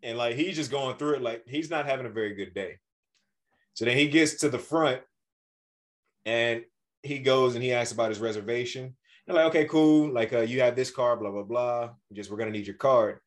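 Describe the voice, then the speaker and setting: A man co-hosting a podcast, telling a travel story in a casual, animated way and acting out the people he quotes. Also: medium pitch, normal speed. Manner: animated, acts out quoted voices. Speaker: podcast co-host.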